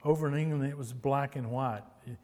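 A man's voice: medium pitch, a little fast, dark tone, big-room sound. A man from Texas, preaching a sermon with emphatic repetition and storytelling.

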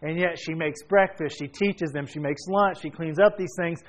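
A man preaching a sermon, telling a family story with animated energy and sudden bursts of shouting. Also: fairly high pitch, normal speed. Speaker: pastor. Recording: dull lo-fi sound.

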